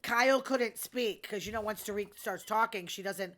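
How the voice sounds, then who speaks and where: A woman's voice: mid-range voice, moderate pace, fairly bright tone. A middle-aged woman hosting a show, chatting casually and gossiping about reality TV with amused asides. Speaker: podcast host.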